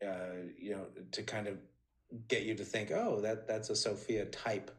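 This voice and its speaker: A man as a podcast interview guest, telling animated stories with many restarts and high, bright quoted lines. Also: normal speed. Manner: animated storyteller, many restarts, jumps high when quoting. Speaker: interview guest, former assistant. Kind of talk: casual interview talk.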